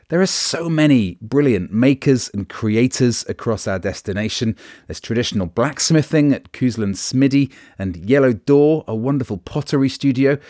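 A man's voice: medium pitch, a little mellow, dry recording, clean studio sound. A man hosting a travel podcast, chatting with enthusiasm as he tours and narrates. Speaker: podcast host. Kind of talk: touring interview and narration.

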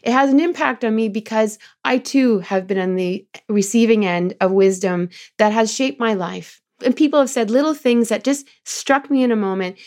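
A middle-aged woman talking as a guest in an interview, telling lively stories about leading her team and quoting people in changing voices. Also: medium pitch. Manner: animated storyteller, quotes others in changing voices. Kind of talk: conversational interview.

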